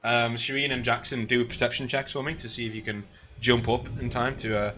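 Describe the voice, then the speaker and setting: A man's voice: mid-range voice, level tone, brisk, bright, forceful tone, muffled recording. A man narrating as game master over an online voice call, rambling with lots of filler words and laughter.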